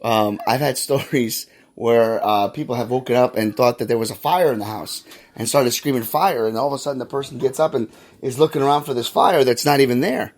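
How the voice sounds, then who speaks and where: A man's voice: medium pitch, brisk. A man hosting his own faith podcast, telling a funny story from home in a chatty, rambling way with lots of fillers. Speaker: podcast host. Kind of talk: casual storytelling monologue.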